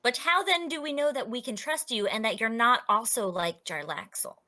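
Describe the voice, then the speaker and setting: A woman's voice: a little high, moderate pace, bright, forceful tone. Woman playing a blunt, suspicious adventurer. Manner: confrontational, blunt. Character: suspicious young woman adventurer who flies.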